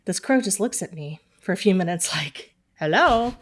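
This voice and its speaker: A woman co-hosting a podcast, chatting casually and telling stories in a playful, animated way. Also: on the low side, moderate pace. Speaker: podcast co-host. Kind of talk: casual chat.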